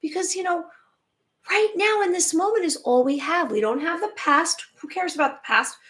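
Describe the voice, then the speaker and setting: A high-voiced woman talks straight to her live viewers. She sounds emphatic and chatty, and now and then she restarts a word before carrying on. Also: expressive, normal speed, a bit bright. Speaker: spiritual channel host. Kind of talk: live-stream monologue.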